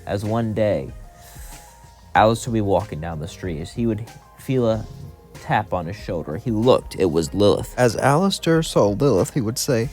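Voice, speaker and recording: A man's voice: lowish voice, lively intonation, normal speed, a little mellow. A man telling a fan-fiction story in run-on narration, stringing events together and quoting the characters' lines. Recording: faint music underneath.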